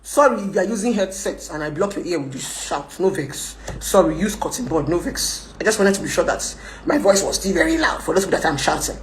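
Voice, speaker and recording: A woman's voice: lowish voice, very animated, brisk, few pauses, reverberant, a little hiss or hum. Scolding Nigerian woman on a live stream. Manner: scolding, combative, switches into Pidgin, laughs often. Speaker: live video host. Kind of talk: ranting live-stream chat.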